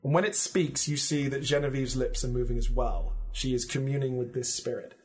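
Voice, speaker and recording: A man as a podcast guest, casually pitching a story in vivid, descriptive detail with plenty of "like" fillers. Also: fairly quick.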